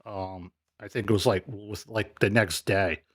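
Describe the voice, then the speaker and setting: A man's voice: lowish voice, steady tone, unhurried, fairly bright tone, slightly rough, no room sound, clean studio sound. A man hosting a show, commenting casually on played clips in a hesitant, laid-back way with many fillers. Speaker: show host reviewing clips.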